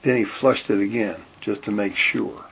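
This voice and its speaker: A man's voice: fairly low pitch, normal speed, creaky, a bit bright, husky. A man reading a children's story aloud, raising his voice for the characters' lines and dropping it for the narration. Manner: lifts voice for quoted lines, drops for narration.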